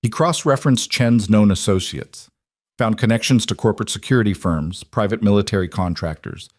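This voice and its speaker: Low-voiced male story narrator. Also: a little mellow, no echo, clean studio sound. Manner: measured, terse storytelling. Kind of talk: scripted dramatic narration.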